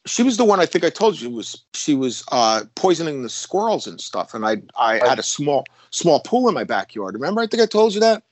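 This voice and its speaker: Middle-aged ex-cop telling stories, rambling and dry. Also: male voice, on the high side, very animated, fairly quick, few pauses, no echo, poor audio. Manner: rambling, with restarts and self-corrections. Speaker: guest, former police officer. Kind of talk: casual storytelling conversation.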